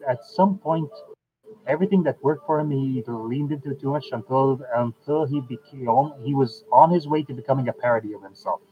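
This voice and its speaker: A man hosting a casual chat at a medium pitch, in an unhurried way. He fills pauses with "uh" and often restarts his sentences. His voice comes through a thin, tinny line like a phone call. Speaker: podcast host.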